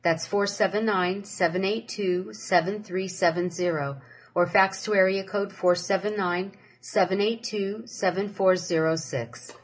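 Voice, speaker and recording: A woman's voice: mid-range voice, fairly even intonation, measured pace, slightly rough, rough recording. A woman announcer on a religious radio program, steadily reading out addresses and phone numbers. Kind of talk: reading out contact details.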